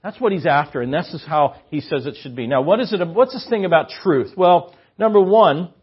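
A man's voice: on the high side, lively intonation, brisk, breathy edge. A man preaching a conversational sermon as guest preacher, chatty and given to joking asides. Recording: muffled lo-fi sermon recording.

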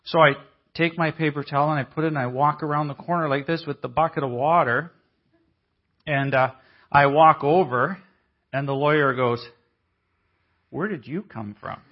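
A man telling a story in a conference sermon, acting out the people he quotes in a lively way. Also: a little high, moderate pace, long pauses. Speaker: conference speaker. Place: church hall. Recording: dull, muffled audio.

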